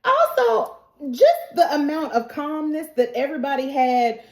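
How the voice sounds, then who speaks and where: A woman recapping a TV episode in a lively, casual, very reactive way. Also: high-pitched, unhurried. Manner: lively, colloquial, reacts loudly. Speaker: TV recap YouTuber. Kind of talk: animated show recap. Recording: roomy echo.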